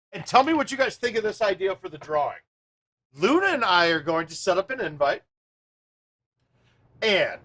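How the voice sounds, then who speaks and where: A man hosting a live stream, chatting casually with viewers and thinking out loud as he plays a golf game. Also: high-pitched.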